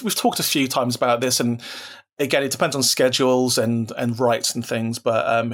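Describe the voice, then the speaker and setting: A man talking as a podcast guest in casual chat, enthusiastic and rambling, with lots of restarts and repeated words. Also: medium pitch. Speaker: podcast guest, horror writer and producer.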